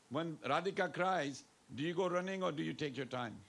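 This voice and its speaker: Gravelly-voiced man leading a temple sermon. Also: fairly high pitch, normal speed, few pauses, a bit bright. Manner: playful, coaxing the audience to respond and dance; mixes in Hindi phrases. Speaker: temple speaker. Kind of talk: devotional sermon to a congregation. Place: temple hall with congregation.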